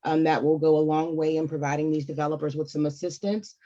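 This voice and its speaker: A man speaking at a board meeting over a video call, quick and friendly, readily correcting himself. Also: a little high, level tone, dark tone. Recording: dull video-call audio.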